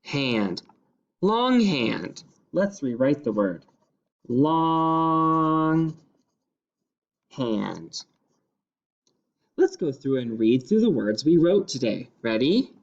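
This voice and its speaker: A man teaching a phonics dictation lesson to young pupils, sounding out each word slowly and clearly and repeating it several times. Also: mid-range voice, big pitch swings, a little mellow, highs cut off.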